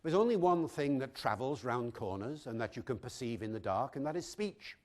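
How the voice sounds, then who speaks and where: A man's voice: medium pitch, lively intonation, moderate pace, a little mellow. A man from Wales, giving an educational talk full of rhetorical questions. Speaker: lecturer on language.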